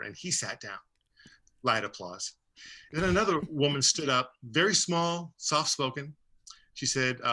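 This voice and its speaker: Guy with a really bright voice rambling through a story on a radio show, lots of ums. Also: medium pitch, animated, measured pace. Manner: rambling, many fillers and restarts. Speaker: guest. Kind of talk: conversational storytelling.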